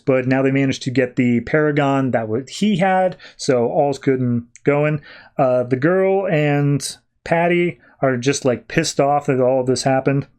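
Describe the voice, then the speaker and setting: A man, hosting a podcast, casually recapping a comic with quick, animated character voices. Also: mid-range voice, clean tone. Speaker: podcast host.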